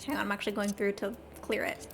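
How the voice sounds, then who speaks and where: A woman's voice: medium pitch, level tone, fast, gravelly, soft background music. A woman streamer chatting casually while she plays, in a scattered way, often talking straight to her viewers. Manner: chatty, scattered, talks to chat. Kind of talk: casual gameplay chat.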